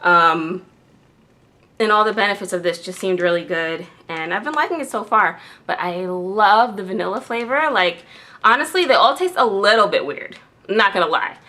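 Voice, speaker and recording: A woman's voice: medium pitch, expressive, normal speed, sharp tone. A woman vlogger chatting casually to her viewers, full of "like" and "um" fillers. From New York. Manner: chatty, lots of "like" and "um". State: tearful with joy. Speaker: beauty vlogger. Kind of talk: casual chat to camera.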